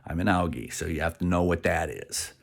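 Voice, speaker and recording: A man talking in a rambling, animated monologue, acting out quoted voices and dropping now and then to a whisper. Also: low-pitched, brisk, vocal fry.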